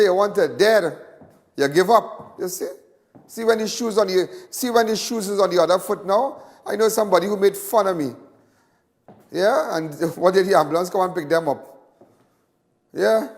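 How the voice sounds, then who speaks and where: A man with a Trinidadian accent hosting a live crime talk show, rambling, boastful and joking. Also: sits high.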